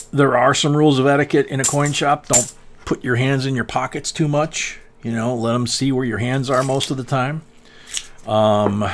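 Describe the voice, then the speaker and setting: A man in his sixties with a gravelly, fry-edged voice, casually chatting as host of a coin-searching livestream. He rambles, chuckles and fills gaps with "um". A faint hiss sits beneath him. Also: medium pitch. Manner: rambling, chuckling, many fillers.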